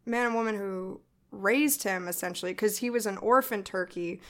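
A young woman chats as a guest on a casual podcast. She tells stories with animated, playful energy and quick asides. Her voice sits at an ordinary middle pitch. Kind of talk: casual comedic chat.

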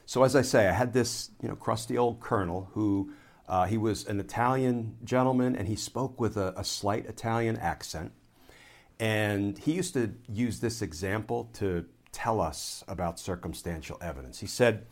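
A man with a lowish voice talks straight to his audience in a solo political commentary. He builds his case piece by piece in an explanatory tone, leaning on rhetorical questions. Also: normal speed. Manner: explanatory, builds an argument step by step. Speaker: political commentator, former Army lawyer.

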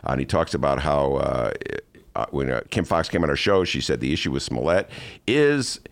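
A man hosting a casual talk show, jokey and animated, often slipping into mock voices. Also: very deep voice, normal speed, gravelly. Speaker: podcast host. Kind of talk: casual chat.

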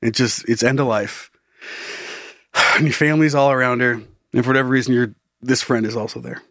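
A man's voice: mid-range voice, fairly even intonation, a little fast, fairly bright tone, dry recording, studio quality. A man co-hosting a comedy podcast who laughs often and riffs on absurd scenarios in casual chat. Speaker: podcast co-host.

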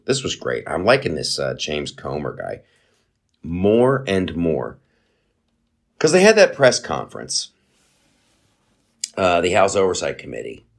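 A man hosting a podcast, giving rambling, profane political commentary with sarcastic asides. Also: on the low side. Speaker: podcast host.

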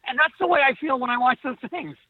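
A man's voice: very high-pitched, fast, phone-quality sound, slight background noise. A man speaking as a guest in casual conversation, telling stories wryly with hesitant restarts. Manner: wry storyteller, hesitant restarts.

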